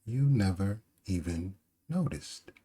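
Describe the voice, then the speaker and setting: A man voicing a calm, cool-headed woman who speaks quietly in a measured, cold way. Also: sits low, slightly rough, full character voice.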